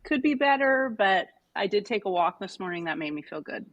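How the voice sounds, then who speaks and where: A woman's voice: medium pitch, animated, a little fast, fairly bright tone, muffled recording. A woman hosting a leadership podcast over a call, upbeat and asking the questions. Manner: upbeat, asks questions, talks through fillers. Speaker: guest host. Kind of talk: casual podcast conversation.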